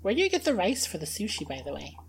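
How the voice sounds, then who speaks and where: A woman's voice: mid-range voice, wildly swooping pitch, fast, slight background noise. Stammering woman player. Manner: hesitant, stammering restarts, easily amused. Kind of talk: playing a tabletop game in character.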